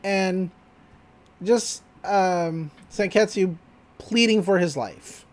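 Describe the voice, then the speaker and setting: A man's voice: high-pitched, very slow. A man co-hosting a podcast, casually retelling an anime episode and rambling through it with filler words. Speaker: podcast co-host.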